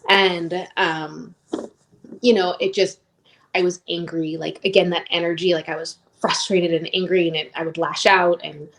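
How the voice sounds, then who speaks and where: Woman in her thirties, interview guest, casual storytelling, filler-heavy talk, somewhat low voice. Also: flat delivery, moderate pace, a bit bright. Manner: rambling, peppered with "like", emotionally open.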